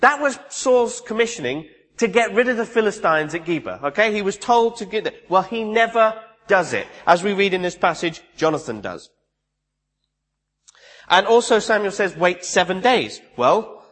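A man's voice: high-pitched, expressive, normal speed, a bit bright, in a large hall. A man preaching a sermon, reading scripture aloud and then explaining it in a conversational way, with restarts and asides.

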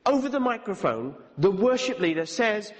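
A man preaching a sermon, telling a story in an animated way and acting out the voices of the people in it. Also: high voice, moderate pace. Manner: animated, acts out quoted voices. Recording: long hall reverb.

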